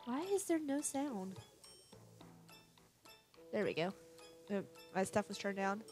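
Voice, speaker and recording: A woman's voice: medium pitch, expressive, slow, long pauses, a little mellow, faint music behind. A young woman casually commenting as she plays a video game, offhand and chatty. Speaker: gaming video creator. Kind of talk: casual let's-play commentary.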